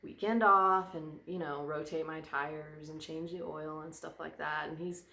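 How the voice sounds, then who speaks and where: A woman's voice: low-pitched, fairly even intonation, measured pace, gravelly, pushed and bright, reverberant. A woman vlogger chatting casually, rambling and drifting onto tangents. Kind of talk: casual chat. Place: indoor room by a fireplace.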